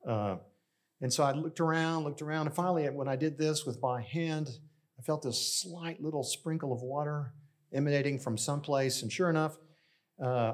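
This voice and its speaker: Middle-aged pastor telling a story. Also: male voice, fairly high pitch. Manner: conversational storytelling, addressing the congregation directly. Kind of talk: sermon.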